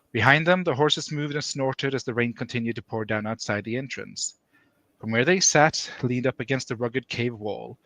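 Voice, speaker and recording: A man chatting casually with a co-host on a stream and reading his own fiction aloud in an easygoing, steady way. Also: medium pitch, no room sound, poor audio. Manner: easygoing, laughs often, reads prose steadily.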